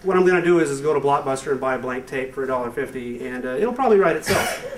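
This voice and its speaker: A young man doing a rambling stand-up comedy routine with hesitant fillers and deadpan asides to a live audience. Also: medium pitch, very fast. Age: young adult. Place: live show venue with audience. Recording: echoey room, far from the mic, noisy amateur recording.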